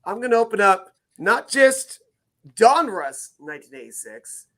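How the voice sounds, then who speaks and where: Bright, high-voiced playful man. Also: sing-song, measured pace. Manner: playful, hams it up with mock French. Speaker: podcast co-host. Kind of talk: casual podcast chat.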